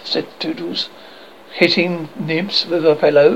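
A man reading a classic children's novel aloud as an audiobook narrator, expressive and lively. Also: fairly high pitch, a little slow, creaky, a little hiss or hum, low-quality recording. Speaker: audiobook reader.

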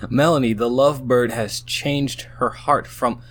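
A man's voice: mid-range voice, steady tone, measured pace, hardly any pauses, a bit bright. A tipsy man reads an AI-written story aloud, breaking off into baffled exclamations. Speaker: host reading out an AI-written story. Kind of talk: casual reading aloud with running commentary.

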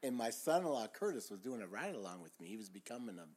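An older former paramedic talks through his stories with a low voice. He is animated and laughs between tales. The talk is loose and conversational. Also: fast talker, a crowd in the background. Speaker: retired paramedic, podcast host. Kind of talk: casual storytelling chat.

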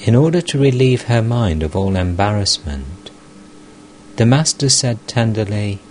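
A man narrating a spiritual text as an audiobook, in a calm and unhurried reading. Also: lowish voice, slight background noise, low-quality recording. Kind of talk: scripted narration.

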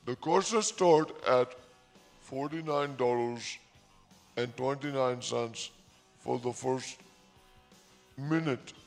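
A man voicing a pushy male online-course pitchman who reads out a drawn-out, announcer-like sales pitch. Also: creaky, soft background music. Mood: salesy pitch.

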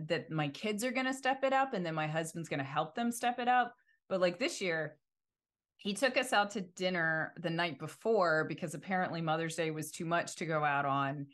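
A woman's voice: low-pitched, a bit bright. A woman co-hosting a podcast, talking in a rambling, reflective way with many fillers. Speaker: podcast co-host. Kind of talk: casual chat.

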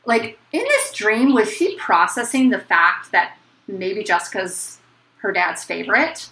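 A woman's voice: mid-range voice, very animated, a little slow, vocal fry, pushed and bright. A woman casually discussing a book, chatty, with many fillers and passages read aloud. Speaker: book podcast co-host. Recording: echoey room with faint noise.

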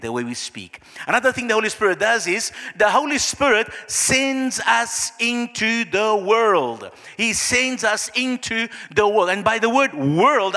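High, bright-voiced preacher. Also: male voice. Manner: acts out little scenes in soft, low voices. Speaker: pastor. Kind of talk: sermon. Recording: long hall reverb.

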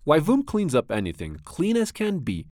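A man's voice: a little high, huge pitch swings, moderate pace, darkish tone, no room sound, clean studio sound, voice pushed up. A man doing a smug, boastful big cat. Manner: smug, sing-song rhyming.

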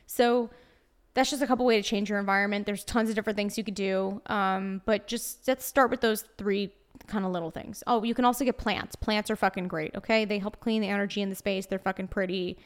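A woman's voice: medium pitch, fairly even intonation, a little fast. A young woman hosting a solo podcast in a put-on Brooklyn accent, brash, chatty and swearing constantly. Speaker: podcast host. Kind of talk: casual solo podcast monologue.

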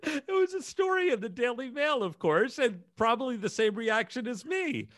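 A man's voice: very high-pitched, sing-song, normal speed, fairly bright tone, dry recording, studio quality. A man co-hosting a casual chat show, telling a story and laughing often. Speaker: podcast co-host.

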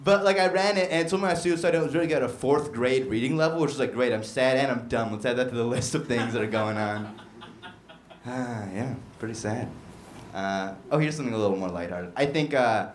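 A young man doing a stand-up set in a comedy bar, mostly flat and dry, with sudden loud mock shouts, on a handheld stage mic. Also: mid-range voice, fairly quick, a little hiss or hum. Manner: dark deadpan humor with bursts of loud mock shouting. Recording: echoey bar room.

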